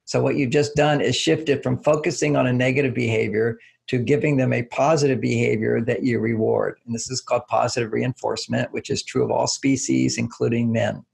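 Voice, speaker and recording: A man's voice: mid-range voice, fairly even intonation, a little fast, vocal fry, few pauses, darkish tone, husky. An older man being interviewed as a relationship author, explaining with everyday examples and acting out little quotes in a raised voice. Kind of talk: casual interview talk.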